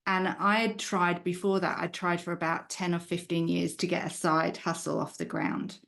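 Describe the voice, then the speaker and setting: A woman with a blended British-Australian accent tells her story as an interview guest. Her voice sits fairly low, and her delivery is chatty and personal. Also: level tone, moderate pace, gravelly, fairly bright tone. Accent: hybrid British-Australian. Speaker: guest, human design coach. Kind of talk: conversational interview answers.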